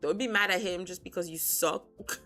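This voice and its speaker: A woman's voice: lowish voice, moderate pace, pushed and bright, soft background music. A young woman streamer reading a novel aloud on a sensitive desk mic, breaking off for chatty, laughing asides and casual swearing.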